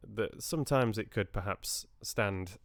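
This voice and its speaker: A livestream host who also reads audiobooks chats casually with his live viewers, rambling in a friendly way and often restarting his sentences. His voice is fairly low and his pace measured, captured in a dry, studio-quality recording.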